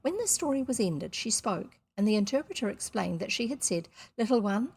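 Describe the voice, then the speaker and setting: A woman reads a classic children's novel aloud to camera, seated indoors. She stops often for chatty, self-deprecating asides, in a voice of middle pitch. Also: big pitch swings, brisk, vocal fry, slightly rough. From New Zealand. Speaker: audiobook reader on video.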